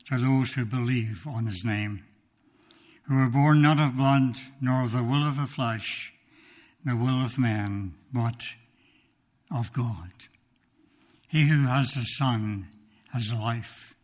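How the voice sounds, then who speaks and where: A male preacher telling a story in a sermon, slow and emphatic, with dramatic pauses, reading from his notes. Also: medium pitch. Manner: reads from notes.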